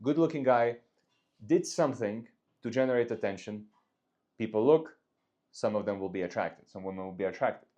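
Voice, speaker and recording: A man's voice: on the low side, normal speed, long pauses, dark tone, highs cut off. A man giving casual dating advice, talking loosely through examples.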